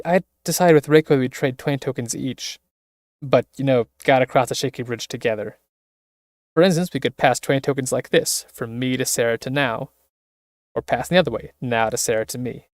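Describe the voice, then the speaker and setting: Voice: medium pitch, dry recording. Chatty streamer on a dry mic. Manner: chatty, with wry asides. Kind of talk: reading a visual novel aloud.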